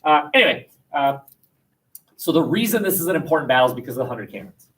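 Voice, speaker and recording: A man teaching history in a lively classroom lecture, joking and acting out quotes with plenty of fillers. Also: on the high side, fast talker. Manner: jokey, acts out quotes, many fillers. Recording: voice from far off the mic in a classroom.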